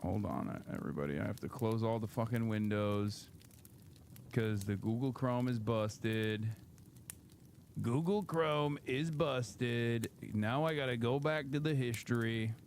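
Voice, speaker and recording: A man's voice: fairly low pitch, moderate pace, darkish tone, slight background noise. A man hosting a live stream with casual, sarcastic, profane commentary that often rambles. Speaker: streamer host.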